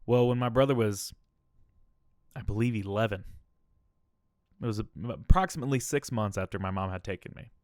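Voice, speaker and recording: Low-voiced man telling a personal story. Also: brisk, long pauses, darkish tone, no echo, studio quality. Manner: candid, emotional, often adds "all right?". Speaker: podcast host.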